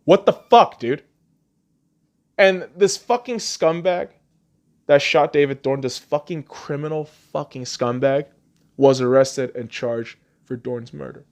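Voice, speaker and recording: A podcast host on an angry, profane rant, swinging between shouting and low muttering. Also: male voice, measured pace.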